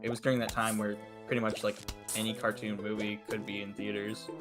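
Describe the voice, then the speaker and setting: A man's voice: on the low side, level tone, fairly quick, over music. Easygoing laughing male guest. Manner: easygoing, laughs often, trips over words. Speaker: guest co-streamer. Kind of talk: casual chat on a game stream.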